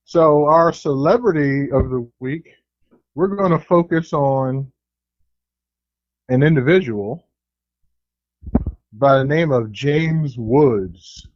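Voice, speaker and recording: A man co-hosting a casual podcast, introducing segments in a measured way. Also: fairly high pitch, darkish tone, dry recording. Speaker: co-host. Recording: dry dull lo-fi recording.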